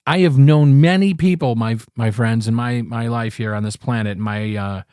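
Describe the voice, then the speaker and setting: A man's voice: medium pitch, moderate pace, a little mellow, dry recording, studio quality. A man in his fifties hosting a podcast, giving a blunt and candid opinion monologue, emphatic and profane, often restarting his phrases. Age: 50s. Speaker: podcast host.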